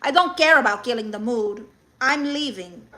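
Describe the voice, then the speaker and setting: A woman playing a brash, sassy bright-voiced diva. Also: a little high, normal speed. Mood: sassy, scornful. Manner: sassy, scornful, interjects Spanish words. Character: brash toxic woman, blunt, dismissive, self-assured. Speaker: livestream comedy host reading chat and a self-help book. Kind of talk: live-streamed character comedy.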